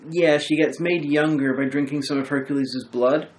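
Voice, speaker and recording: A man hosting a film review chat, retelling the plot in a rambling, animated way. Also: a little high, normal speed, poor audio. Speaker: host of a film review show. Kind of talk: casual chat about a film.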